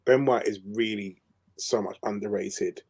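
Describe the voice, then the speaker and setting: Lower-voiced man, podcast co-host, emphatic, opinionated football talk, casual. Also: steady tone, measured pace, a little mellow, breathy edge.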